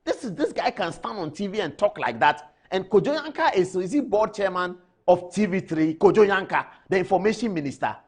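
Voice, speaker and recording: A man's voice: high-pitched, lively intonation, brisk, hardly any pauses, darkish tone, slightly rough. A man with a Ghanaian English accent giving emphatic studio commentary as a TV news anchor, addressing people directly.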